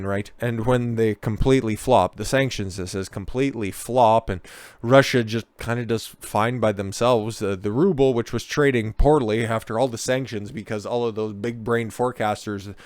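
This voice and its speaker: A man's voice: fairly low pitch, no echo. Sarcastic, foul-mouthed male commentator. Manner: mocking, sarcastic and profane, with frequent asides. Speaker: political commentator. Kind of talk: sarcastic commentary on news clips.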